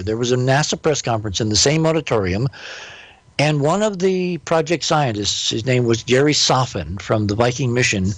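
A man's voice: fairly high pitch, dry recording. An older man, a guest in an interview, telling a long story in an emphatic, impassioned way.

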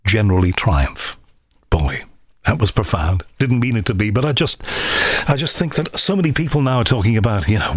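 Dry-voiced English podcast host. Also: male voice, fairly low pitch, dry recording. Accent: faded Liverpool. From Liverpool, England. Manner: rambling, reflective, self-deprecating. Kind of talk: casual monologue and interview.

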